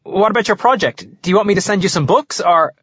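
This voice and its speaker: A man's voice: high-pitched, quick pace, a bit bright, slightly rough, no room sound, pitched above the performer's own voice. A man voicing an earnest male schoolteacher in an audiobook reading. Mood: urgent. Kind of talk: audiobook narration. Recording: dull lo-fi dry audio.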